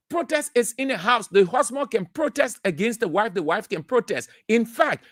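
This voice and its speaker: Radio host lecturing on air, emphatic and repetitive, dry close studio mic, mid pitch. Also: dry recording. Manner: emphatic and lecturing, repeats key phrases, asks rhetorical questions. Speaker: radio talk show host. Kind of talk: opinionated radio commentary, explaining definitions.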